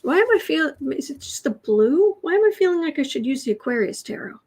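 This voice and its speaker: A woman's voice: high voice, big pitch swings, brisk, darkish tone. A woman from the United States hosts a tarot livestream in a casual, chatty way, wandering off into stories. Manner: chatty, digressive storytelling. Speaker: tarot reader, livestream host.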